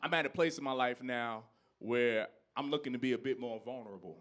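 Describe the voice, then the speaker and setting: A man in his thirties performing a stand-up comedy set on a club stage, ranting with loud outbursts and dropping into low asides. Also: fairly quick. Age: 30s.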